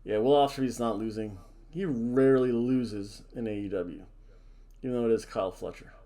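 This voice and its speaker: A man's voice: mid-range voice, normal speed, dark tone. A man hosting a casual wrestling predictions chat, jokey and theatrical, hamming up wrestler introductions. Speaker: wrestling show host.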